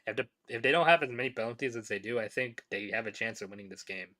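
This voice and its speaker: A man's voice: medium pitch, fast, bright, forceful tone. A man hosting a casual sports podcast, talking loosely with lots of fillers and restarts as he reads chat. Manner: rambling, many fillers and restarts. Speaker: podcast host.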